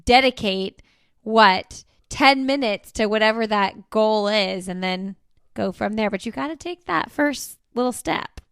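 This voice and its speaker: A woman in her thirties hosting a podcast, chatting casually with plenty of fillers and getting animated when she vents. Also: medium pitch, measured pace, clear, resonant tone, no echo, studio quality. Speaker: podcast host. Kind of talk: casual chat.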